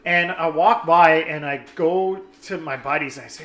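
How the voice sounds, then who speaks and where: A young man telling a story in casual chat, animated and swearing, acting out his friends' lines. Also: a little high, normal speed, echoey room.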